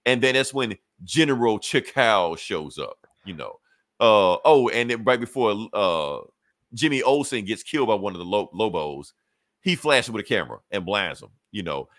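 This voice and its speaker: Animated man retelling a comic, close dry mic. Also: on the low side, normal speed, dry recording. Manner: animated storyteller, acts out characters' lines, profane slang. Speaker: podcast co-host reviewing comics. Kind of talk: casual chat, retelling a comic plot.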